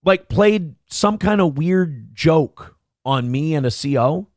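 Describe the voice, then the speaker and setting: Animated man telling a story. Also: a little high, takes it slowly, no echo, studio quality. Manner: animated, jumps between voices when quoting people. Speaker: podcast host telling a story. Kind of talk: casual storytelling chat.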